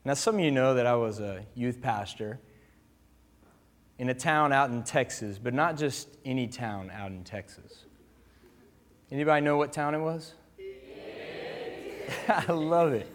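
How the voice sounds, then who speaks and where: A man preaching a sermon to a congregation in an animated, joking way, having them repeat words back to him. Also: mid-range voice, measured pace, pauses often. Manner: calls for the audience to repeat words. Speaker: pastor. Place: church gathering room with listeners.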